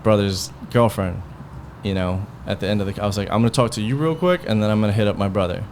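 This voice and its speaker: A man's voice: on the low side, fast, a little mellow, slight background noise. Man telling a heated story on a podcast. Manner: heated, profane, rambling retelling with quoted dialogue. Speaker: podcast host. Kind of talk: casual storytelling.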